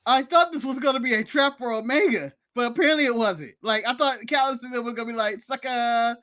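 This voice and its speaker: Um homem dos Estados Unidos, co-apresentador de podcast, em conversa descontraída, animado e provocador, rindo com frequência. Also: male voice, very high-pitched, fast. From United States. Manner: animated, teasing, laughs often. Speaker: podcast co-host. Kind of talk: casual chat.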